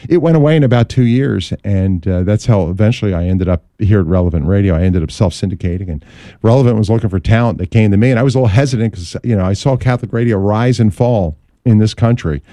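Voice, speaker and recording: A man's voice: on the low side, fast talker, no room sound. A middle-aged man, a Catholic radio host, telling a story in a casual interview and acting out the voices in it. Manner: animated anecdotal storyteller, acts out quotes.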